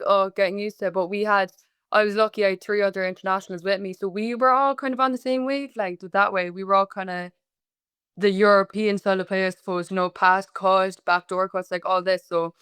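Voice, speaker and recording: Smooth-voiced young Cork Irish woman. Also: mid-range voice, steady tone, fairly quick, fairly bright tone, no room sound. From Ireland. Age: 20s. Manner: chatty, lots of "like" fillers, laughs easily. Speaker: guest, college basketball player. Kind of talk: casual interview chat.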